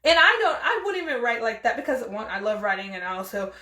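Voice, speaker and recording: A young woman hosting a podcast, telling a story in a casual, animated and exasperated way and quoting the people involved. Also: fairly high pitch, quick pace, roomy sound. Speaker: podcast host.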